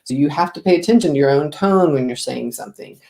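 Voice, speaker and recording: A woman business coach giving an expressive, lively talk to the camera, asking the viewer direct questions. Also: low-pitched, quick pace, roomy sound.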